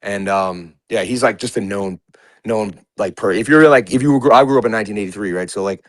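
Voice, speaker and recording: A man's voice: fairly low pitch, brisk, no room sound, poor audio. Rambling man in his forties, dry sound. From New York. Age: 40s. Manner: rambling, heavy on filler words. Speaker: guest. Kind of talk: casual conversation.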